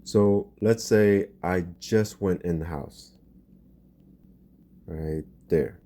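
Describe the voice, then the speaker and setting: Slow, low-voiced man teaching. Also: warm tone. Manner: patient, repeats example phrases slowly. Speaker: language teacher. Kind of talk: explaining grammar lesson.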